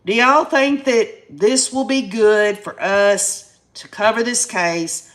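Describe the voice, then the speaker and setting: A fifty-something Tennessee woman with a Southern accent hosts a casual YouTube live stream, venting to her viewers with down-home country phrasing. She speaks at a medium pitch and a slow pace.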